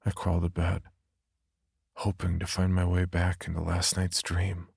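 Slow, gravelly, low-voiced male horror narrator. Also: monotone, darkish tone, no room sound, clean studio sound. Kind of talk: first-person horror story narration.

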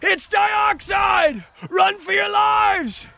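A man voicing panicked, vengeful villagers screaming in shrill shouts. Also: very slow, gravelly, full character voice.

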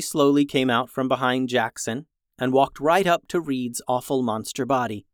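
Lively children's story narrator, dry sound. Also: mid-range voice, normal speed, clean tone, no echo. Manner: lively, shifting voices for each brother.

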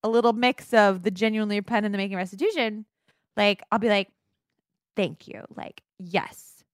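A woman co-hosting a podcast in casual chat, animated and joking, acting out mock apologies. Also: mid-range voice, normal speed, no echo, studio quality. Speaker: podcast co-host.

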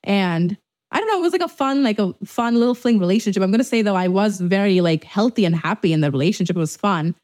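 A young woman co-hosting a podcast in casual chat, animated and swearing freely, acting out quotes in a higher voice. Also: quick pace. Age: young adult. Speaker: podcast co-host.

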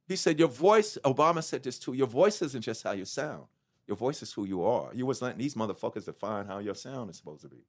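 A man's voice: medium pitch, a little fast. A middle-aged man, telling his life story candidly in an interview, swearing freely and acting out what others said to him. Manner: animated, swearing, acts out quotes. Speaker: guest.

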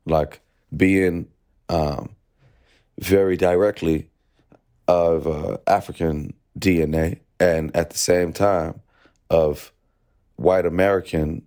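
A young man with a deep, low voice talks through his thoughts slowly and reflectively. He fills his sentences with "you know" and "like" as he works out what he means. The delivery is casual and unhurried, like a musician opening up in an interview. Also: steady tone, darkish tone. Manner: reflective, thinks aloud with many fillers. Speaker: musician guest.

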